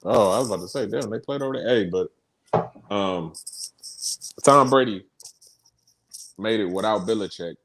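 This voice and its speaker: Lower-voiced man telling stories animatedly. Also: normal speed, long pauses. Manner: animated storyteller, quotes others in a mock voice. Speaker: podcast co-host. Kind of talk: casual chat and sports talk.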